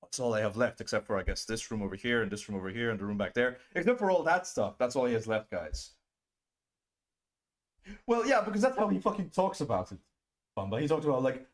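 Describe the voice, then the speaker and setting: A man's voice: medium pitch, lively intonation, fast talker. Profane, scornful male streamer ranting. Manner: profane, scornful, mocking whiny impressions. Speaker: streamer host.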